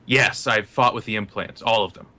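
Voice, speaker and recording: A man's voice: on the low side, normal speed, bright, forceful tone. A man voicing a battle-hardened male cyborg soldier who speaks in clipped, formal sentences. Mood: terse.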